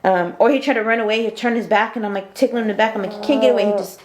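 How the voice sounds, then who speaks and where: A woman speaks casually in an interview. Her voice is mid-pitched and soft-spoken, with frequent "um"s and easy laughter, and the room around her echoes noticeably. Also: fairly even intonation, racing, a loud crowd. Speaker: mother of the child.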